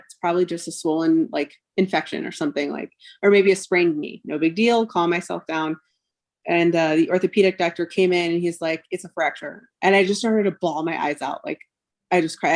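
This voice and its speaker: A woman in her thirties, a mother and podcast guest, retelling a painful personal story with lots of "like" and "um" and quoted dialogue. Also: fairly low pitch. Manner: emotional retelling, quotes others, frequent fillers like "like" and "um".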